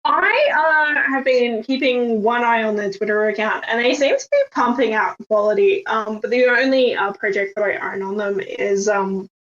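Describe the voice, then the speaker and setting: A woman's voice: a little high, normal speed, few pauses, a bit bright. A woman on an online panel, wry and hesitant with many fillers. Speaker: guest panelist. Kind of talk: casual online panel chat. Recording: dull lo-fi call audio.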